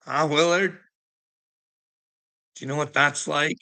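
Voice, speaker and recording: A middle-aged man rants in a gravelly, tense voice, swearing freely and breaking into laughter. He taunts someone he calls "bud". His tone stays sharp and edgy. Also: on the high side, steady tone, slow pace. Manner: taunting, addresses the listener as bud. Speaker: vlogger. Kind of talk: profane ranting monologue.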